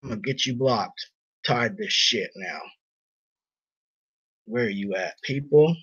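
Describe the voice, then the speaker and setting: A man's voice: mid-range voice, expressive, measured pace, a bit bright, husky. A man on a live stream who talks bluntly and with irritation, reading viewer comments aloud. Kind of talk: casual live stream chat. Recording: dull lo-fi stream audio.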